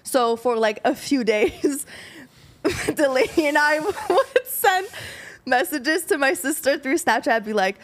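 A woman's voice: high-pitched, animated, a little slow. A young woman who moved to the US as a child, telling a story in casual podcast chat, giggling through it with lots of fillers. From abroad, moved to the US at ten.

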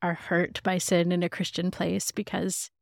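A woman theologian as a podcast guest, explaining ideas in a careful, measured way. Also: lowish voice, monotone, gravelly, dry recording, studio quality. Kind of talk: interview answers.

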